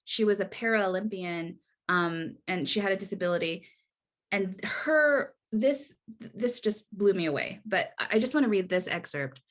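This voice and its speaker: A woman's voice: mid-range voice, animated, moderate pace. A woman presenting a workshop over a video call, earnest and conversational, with frequent restarts and a tag of "right?". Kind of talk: online workshop talk.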